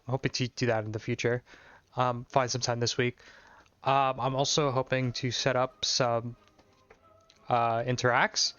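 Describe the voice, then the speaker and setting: A man's voice: medium pitch, a bit bright. Rambling young male streamer. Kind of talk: casual gameplay commentary. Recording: slightly muffled mic with faint music.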